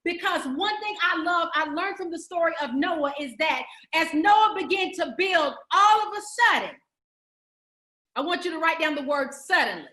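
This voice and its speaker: A woman's voice: extremely high pitch, normal speed, few pauses, pushed and bright, echoey room. A woman giving a motivational speech to entrepreneurs, preacherly and emphatic, building through repeated phrases. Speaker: summit speaker.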